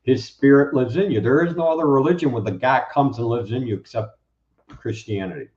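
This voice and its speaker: A man guest preaches in casual chat, lively and acting out quoted speakers. His voice sits at a middle pitch. The recording is roomy and dull, like a lo-fi line. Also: a little fast. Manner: animated, acts out quoted speakers. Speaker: guest, Bible teacher.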